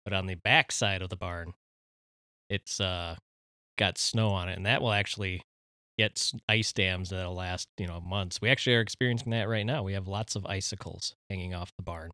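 Male co-host, lowish voice, easygoing storyteller, dry recording. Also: fairly even intonation, moderate pace, sharp tone, no room sound. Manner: easygoing, reminiscing, laughs often. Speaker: podcast co-host. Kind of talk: casual banter.

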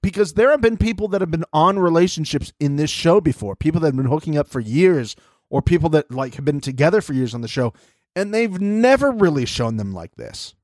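A man co-hosting a casual recap podcast, playful and quick to mimic people. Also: fairly high pitch, expressive, darkish tone, dry recording, studio quality. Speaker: podcast co-host. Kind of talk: casual chat.

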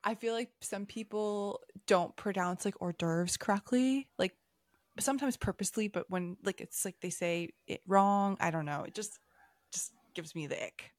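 A woman's voice: medium pitch, moderate pace, no room sound, clean studio sound. A woman in her twenties co-hosting a podcast in casual chat, rambling with many fillers and trailing off. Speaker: podcast co-host.

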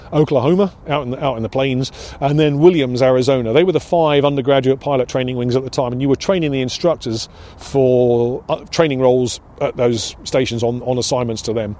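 With a mellow, medium-pitched voice, the retired British pilot instructor reflects on the past in an oral history interview. He hesitates a lot and restarts many of his thoughts; he is an older man from the United Kingdom.

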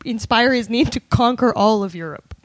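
A woman's voice: on the high side, moderate pace, dry recording. A woman guest on a comedy podcast, explaining history in a casual chat and laughing often at her own asides.

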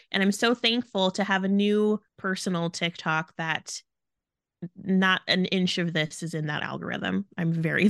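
A woman's voice: fairly low pitch, creaky, fairly bright tone, dry recording. Emphatic woman podcast co-host, dry sound. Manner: frank and emphatic. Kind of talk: casual podcast chat.

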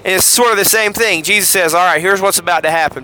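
A man's voice: sits high, brisk, hardly any pauses, sharp tone. A man with a Southern US accent hosting a podcast, casually retelling Bible passages and acting out the quoted lines in voices. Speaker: podcast host.

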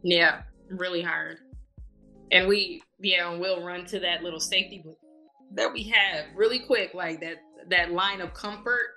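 A woman hosts a podcast in a somewhat low but bright, clear voice. She speaks casually and candidly, leaning heavily on "like." Faint music plays underneath. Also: steady tone, measured pace. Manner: casual and candid, heavy use of "like". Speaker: podcast host. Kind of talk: conversational podcast interview.

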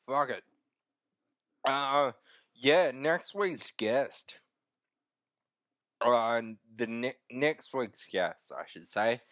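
A man hosts his podcast in a slow, unhurried drawl, his throat a little croaky. He rambles, curses and loses his thread as he goes. The sound is dry and close, with no room echo. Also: medium pitch, a bit bright. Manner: rambling, profane, self-interrupting. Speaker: podcast host. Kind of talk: unedited casual monologue.

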